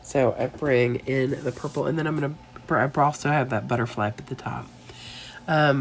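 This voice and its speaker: A woman's voice: deep voice, a little hiss or hum. A tired woman narrates a crafting voiceover late at night. She sounds congested from a sinus infection and chats in a rambling way, with apologetic asides. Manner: chatty and rambling, apologetic asides, soft laughs. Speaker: scrapbooking video creator.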